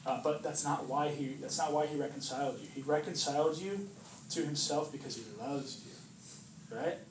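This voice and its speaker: A preacher gives an informal sermon to a small group, chatty and joking, acting out voices and asking "right?" often. His voice is fairly high-pitched at a moderate pace, captured in a roomy, distant recording with background noise.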